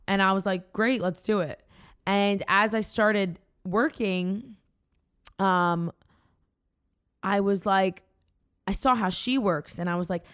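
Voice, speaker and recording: A young woman with a Boston accent hosting a casual chat podcast, telling rambling, excited stories full of fillers. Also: mid-range voice, unhurried, clear, resonant tone. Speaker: podcast host.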